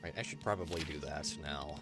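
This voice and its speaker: A man's voice: rumbling low, a little fast. A man streaming a role-playing game, talking casually to chat with muttered asides, jokes and swearing. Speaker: gaming streamer. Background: loud game music.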